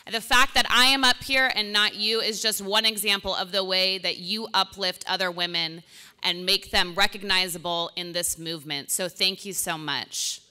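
An earnest, energetic woman introduces a conference panel into a microphone. Her voice is bright and smooth. A long hall reverb trails behind every phrase. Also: medium pitch, normal speed. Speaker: panel moderator.

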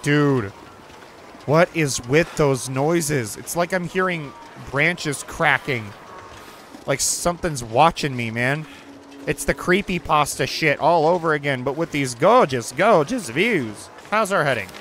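A young man giving let's play commentary in a slightly high voice. He is jumpy, swears often, and talks both to himself and to his chat. A faint hiss of noise runs beneath the recording. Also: fairly bright tone. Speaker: gaming channel host.

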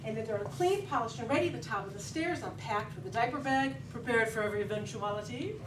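Middle-aged woman, high voice, animated comic storyteller at a speech contest, heard from afar in an echoey hall. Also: fast talker, a crowd in the background. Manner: lively, animated storytelling with laughing asides. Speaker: contest speaker. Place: meeting hall with audience. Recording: echoey hall, distant mic, background noise.

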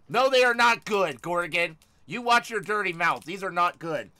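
A young man streaming a game live, excitable and loud, yelling and swearing at his chat. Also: high-pitched, moderate pace, hardly any pauses.

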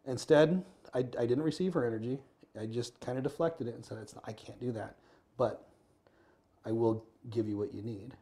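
An American man telling a story in an interview, earnest and quick, acting out the lines of the people in it. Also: mid-range voice, mellow. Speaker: podcast guest.

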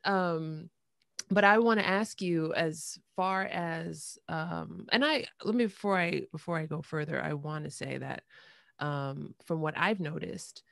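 A woman hosts a podcast interview, chatting in an animated, friendly way full of fillers. Her voice is low for a woman, and the sound is close and dry. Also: unhurried, creaky, no room sound. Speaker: podcast host.

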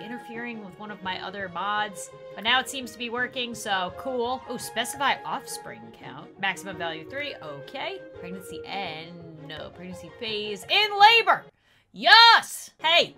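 A young woman chatting casually over gameplay, excitable and talkative, with loud bursts of cheering. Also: a little high. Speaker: gaming YouTuber. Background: game music.

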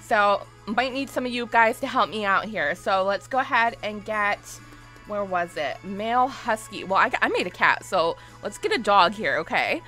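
A young woman live-streaming a game, chatting casually, gushing and greeting her viewers in quick bursts, sometimes squealing with excitement. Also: medium pitch. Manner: squeals loudly when excited. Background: faint game music.

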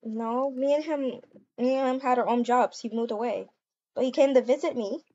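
A woman's voice: fairly high pitch, normal speed, mellow, dull audio. A woman improvising a game role-play, gushing and giddy, with many ums and hesitations.

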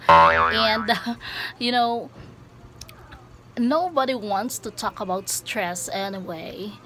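A woman talks to her vlog viewers in a slow, relaxed, chatty way and often laughs lightly between points. Her voice sits a little high. A faint noise runs under the recording. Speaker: vlogger explaining word stress. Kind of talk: casual teaching vlog.

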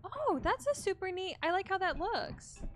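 A woman's voice: very high-pitched, sing-song, normal speed, background noise. A young woman streaming a horror game, swearing freely, reacting jumpily and talking to her chat. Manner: profane, jumpy, talks to chat. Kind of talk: horror game let's play. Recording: game music behind voice.

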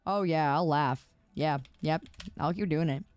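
A woman's voice: sits low, a little slow, darkish tone, smooth. A woman streaming a video game, chatting casually in a teasing, giggly, sarcastic way.

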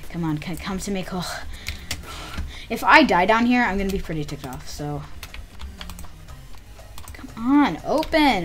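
A woman giving casual gameplay commentary, muttering to herself with excitable outbursts. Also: fairly low pitch. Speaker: gamer.

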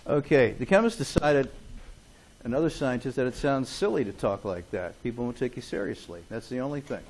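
A man's voice: medium pitch, expressive, moderate pace, slight background noise. A man lecturing a chemistry class in a classroom, chatty and joking, often checking in with "okay?". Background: students in class.

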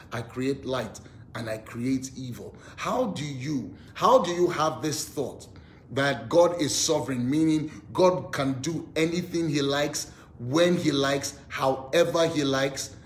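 A man preaching an online devotional sermon, emphatic, repeating words as he builds his points and leading the listeners in spoken declarations. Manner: emphatic preaching, leads call-and-response declarations. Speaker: pastor. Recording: echoey room with faint rumble.

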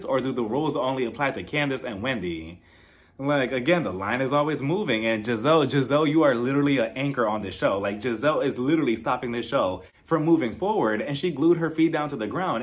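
Young male commentator, mid-pitched, animated and incredulous, mocks quotes in little voices; casual vlog recap.

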